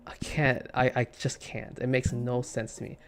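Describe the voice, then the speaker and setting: A man's voice: mid-range voice, flat delivery, normal speed, noisy background. A man streaming a game and talking casually, rambling with stammering restarts, repeated words and casual swearing. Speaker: gaming streamer. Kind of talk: casual commentary while gaming.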